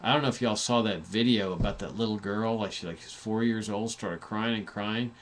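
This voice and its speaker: A man's voice: on the low side, fairly quick, a little hiss or hum. A man hosting a talk show, giving a passionate, sarcastic political commentary monologue with frequent restarts. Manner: impassioned, sarcastic, full of restarts.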